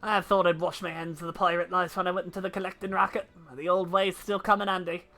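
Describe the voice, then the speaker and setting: A woman voicing a gruff middle-aged male ex-pirate turned debt collector, swaggering and full of seafaring slang. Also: lowish voice, flat delivery, fast talker, fairly bright tone, natural voice.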